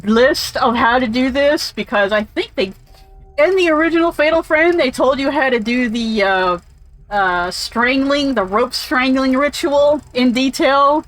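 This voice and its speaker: A woman's voice: sits high, a little slow, fairly bright tone, poor audio. A woman casually commentating while playing a game, rambling and swearing freely. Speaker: let's play streamer.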